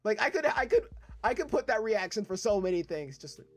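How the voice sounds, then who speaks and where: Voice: medium pitch, sing-song, fairly quick, soft background music. A young adult let's play gamer reading a dating game's dialogue aloud and riffing on it in a loose, profane, laughing way. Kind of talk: casual let's play commentary, reading game text aloud.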